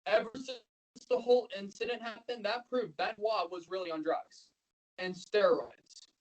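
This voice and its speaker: A man's voice: high-pitched, a bit bright, poor audio. Rambling emotional male podcaster. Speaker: podcast co-host. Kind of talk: casual podcast chat.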